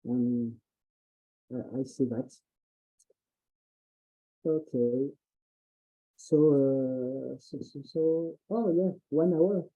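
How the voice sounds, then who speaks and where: A man with a French accent giving an expert presentation in English, halting with many fillers and restarts. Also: mid-range voice, phone-quality sound. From France. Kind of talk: online presentation and Q&A.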